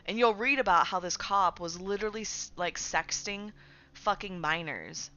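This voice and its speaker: Chatting while she games, this woman streamer rants profanely and fills her talk with fillers. She has a medium pitch, a sharp tone, and a moderate pace, and the audio sounds dull.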